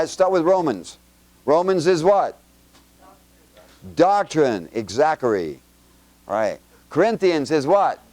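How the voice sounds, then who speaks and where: A man giving an informal Bible teaching to a congregation with children, firing quick questions at them in a chatty, joking way with homespun examples. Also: fairly high pitch, darkish tone, dry recording. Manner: quizzes the audience with quick questions.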